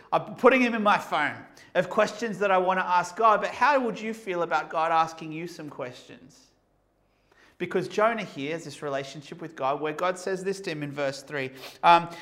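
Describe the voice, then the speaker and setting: A man with a high voice preaching a sermon. He moves from soft, reflective questions to loud, emphatic calls. His delivery has the rhythm of a pulpit message.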